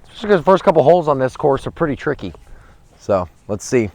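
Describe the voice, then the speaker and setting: A man vlogging a round on an outdoor disc golf course, chatting and rambling on a handheld camera, with excited outbursts at his throws. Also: medium pitch, fast talker, no echo. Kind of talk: casual commentary while playing. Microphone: handheld camera without a gimbal.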